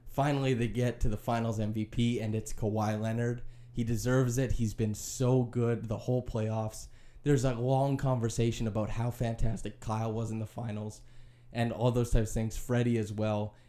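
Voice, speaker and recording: Animated man recapping a game. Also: medium pitch, moderate pace. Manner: animated, opinionated play-by-play retelling. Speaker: podcast host. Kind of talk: casual sports podcast recap.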